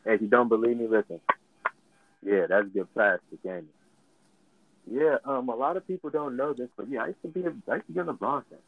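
A man co-hosting a casual podcast chat, an animated and slangy storyteller who laughs often. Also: mid-range voice, brisk, no room sound. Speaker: podcast co-host. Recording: tinny phone-like line, dry.

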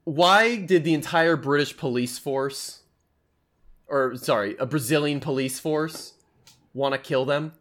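A man's voice: a little high, a little slow, fairly bright tone. A man in casual group chat about an anime, opinionated and rambling, swearing often.

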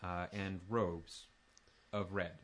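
A man's voice: sits low, flat delivery, takes it slowly, a bit bright. A man narrating as dungeon master, rambling with lots of fillers and restarts. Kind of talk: tabletop game narration.

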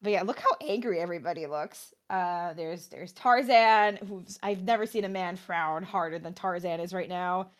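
A woman's voice: lowish voice, moderate pace, hardly any pauses. A young woman giving casual let's-play commentary, chatting and translating game dialogue with plenty of fillers.

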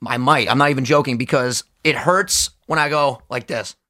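A man's voice: mid-range voice, moderate pace. A young man co-hosting a podcast in casual chat, hyped and swearing a lot. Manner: hyped, swears a lot, sings and shouts bits. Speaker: podcast co-host.

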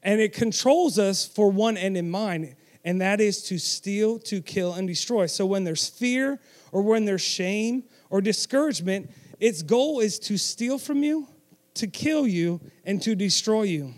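Male preacher, high-pitched, emphatic, draws the congregation in to repeat lines. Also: a little slow. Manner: emphatic, with audience call-and-response and self-deprecating asides. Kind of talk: sermon.

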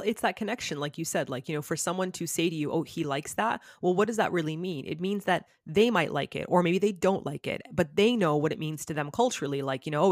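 Animated woman chatting, dry close mic. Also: deep voice, no room sound. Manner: animated storyteller, acts out quotes. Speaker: podcast guest. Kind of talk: casual chat.

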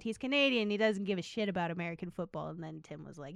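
A woman's voice: medium pitch, expressive, fast talker, gravelly, hardly any pauses, smooth, no echo, clean studio sound. Chatty, laughing woman podcaster. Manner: chatty storyteller, swears, laughs through her anecdotes. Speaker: podcast co-host. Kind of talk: casual chat.

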